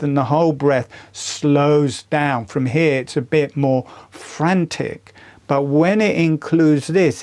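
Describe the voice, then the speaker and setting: An older man teaching a breathwork practice in a calm, deliberate, earnest way. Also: mid-range voice. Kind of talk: slow guided instruction.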